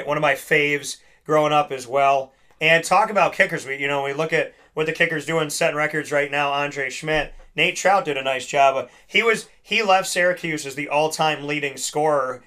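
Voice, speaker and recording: Chatty male host, higher voice, rambling. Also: sharp tone. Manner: rambling, restarts, lots of "like". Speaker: podcast host. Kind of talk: casual chat.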